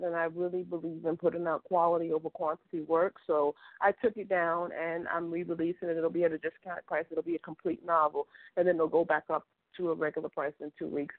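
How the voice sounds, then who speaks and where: A woman author chatting as a guest, an animated storyteller who acts out the dialogue in her stories. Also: fairly low pitch, dry recording. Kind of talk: casual chat. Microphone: phone. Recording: phone line.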